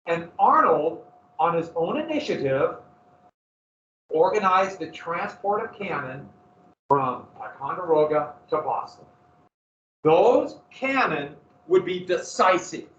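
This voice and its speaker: A male history teacher lecturing a class in lively storytelling style and throwing questions to the students. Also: a little high, slow, slight background noise. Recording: echoey classroom from far off, dull lo-fi.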